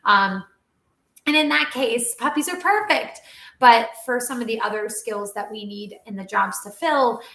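A woman who trains dogs and animal talent, telling a story in a casual interview with animated, chatty energy and lots of "like.". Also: on the high side, unhurried, gravelly. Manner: animated, chatty, heavy use of "like". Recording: roomy echo.

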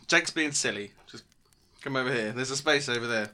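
A man co-hosting a podcast, casual and quick to laugh, swearing now and then. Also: mid-range voice, pushed and bright. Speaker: podcast co-host. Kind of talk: casual chat.

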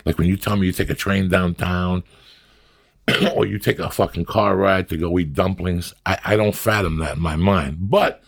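A middle-aged man, his voice deep and gravelly with a husky edge. He swears constantly and rambles bluntly from one story to the next in loose, casual podcast talk. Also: fairly even intonation, normal speed. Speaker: podcast guest, actor and comic. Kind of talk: casual chat.

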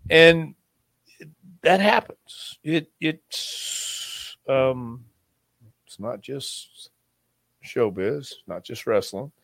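Male guest, mid-pitched, rambling anecdotal delivery with frequent restarts, dry close sound. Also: lively intonation, extremely slow, creaky, pauses often, a bit bright, no echo. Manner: rambling, acts out quotes, many restarts. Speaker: interview guest. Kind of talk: casual storytelling interview.

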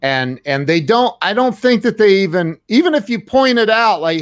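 A host asks probing questions in a casual, direct manner. The pitch moves a lot, and the voice sounds dry and close, with no room echo. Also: animated, moderate pace, few pauses, a bit bright. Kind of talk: interview questions.

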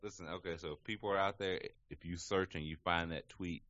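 A man's voice: sits low, steady tone, a little fast, fairly bright tone, highs cut off, a little hiss or hum. A man co-hosting a podcast, teasing his guest with laughing jabs in casual banter. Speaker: podcast co-host.

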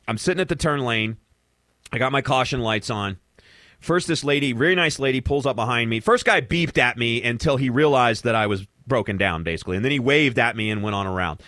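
Male talk radio host, forceful bright voice, dry close studio sound, rambling conversational delivery. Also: mid-range voice, no echo. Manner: chatty, rambling with fillers and restarts. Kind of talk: casual talk radio chat and storytelling. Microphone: studio microphone.

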